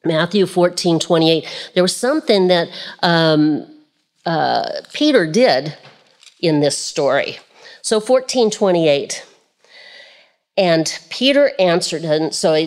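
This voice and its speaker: A woman's voice: sits low, measured pace. A woman preaching a sermon, reading scripture aloud and repeating key phrases with rhetorical questions to the listeners.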